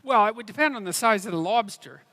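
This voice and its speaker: A man answering questions on stage at a live event, earnest and halting, with many restarts. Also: high-pitched, expressive, pushed and bright. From Canada. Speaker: guest speaker. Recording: reverberant hall.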